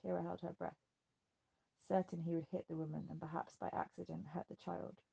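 A woman reading a novel aloud in an even, measured way. Her voice is dark and husky with a heavy gravel. It suits a steady audiobook narration. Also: fairly low pitch, lo-fi sound. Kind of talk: scripted narration.

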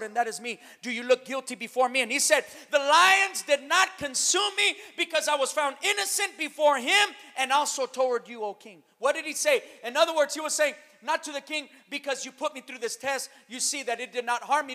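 A man preaching a sermon as pastor, calling out to the church and rising to shouted emphasis. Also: very high voice, brisk. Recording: long reverb of a hall.

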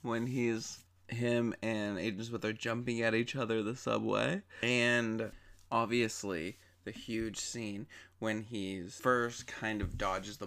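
Young adult male, casual enthusiastic reviewer, slightly low voice. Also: fairly bright tone. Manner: chatty and enthusiastic, with many fillers. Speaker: movie reviewer.

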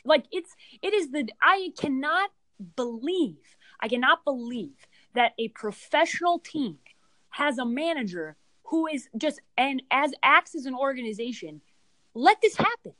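A woman's voice: high-pitched, lively intonation, a little slow, a bit bright, no echo, low-quality recording. A woman co-hosting a casual sports podcast, ranting in an emphatic, exasperated way. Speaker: podcast co-host.

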